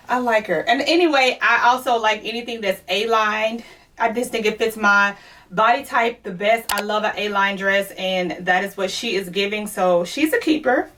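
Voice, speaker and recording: A woman from Louisiana, her voice on the high side and a bit bright, chats through a clothing try-on haul while out of breath. She's a fashion vlogger talking straight to her viewers, calling them y'all, and the recording sounds distant.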